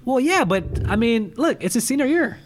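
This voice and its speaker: On a casual movie review podcast, a male co-host jokes and rants with rising emphasis, animated throughout. His voice is extremely high-pitched at a moderate pace, with slight background noise.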